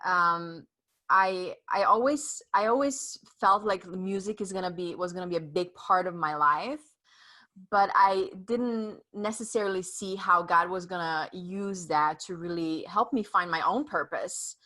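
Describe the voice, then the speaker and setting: A woman's voice: fairly low pitch, measured pace, bright, forceful tone. A woman from Europe, a professional performing artist, chatting casually as an interview guest with an accent, upbeat and sprinkled with fillers. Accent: European, non-Southern. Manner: upbeat with frequent fillers and laughs.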